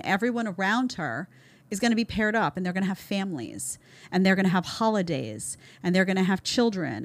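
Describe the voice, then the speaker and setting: Hosting a show where she reacts to clips, a woman delivers emphatic, opinionated commentary full of repeated words and rhetorical questions. Her voice is mid-range, and there's no echo.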